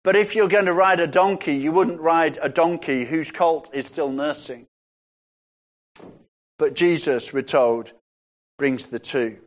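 A man preaching a sermon, reading scripture passages aloud and rising in pitch when he stresses a point. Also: a little slow, pauses often.

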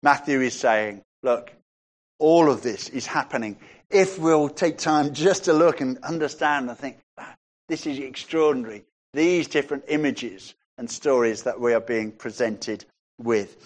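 A man preaching a sermon, reading scripture passages aloud and rising in pitch when he stresses a point. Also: unhurried.

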